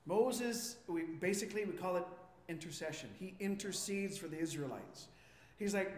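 High-voiced pastor in an echoey hall. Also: male voice, normal speed. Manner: animated, asks the congregation questions; acts out quotes with rising voice. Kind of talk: interactive sermon. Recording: echoey hall with long reverb.

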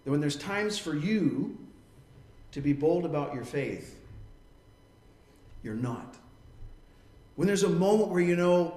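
A man's voice: fairly high pitch, lively intonation, slow, long pauses, warm tone, echoey room. A man preaching a sermon in an earnest tone. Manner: earnest preaching, acting out quoted voices. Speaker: pastor.

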